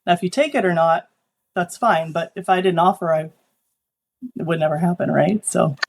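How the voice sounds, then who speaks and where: A woman photographer, a guest on an interview show, telling animated stories about client work and acting out the people she quotes. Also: lowish voice, normal speed, gravelly. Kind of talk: conversational interview.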